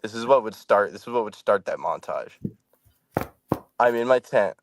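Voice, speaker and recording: A man, a scare actor guest on a podcast, telling an animated story and tossing in "man" as he goes. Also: fairly low pitch, moderate pace, slight background noise. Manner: animated, laughing storyteller who says "man".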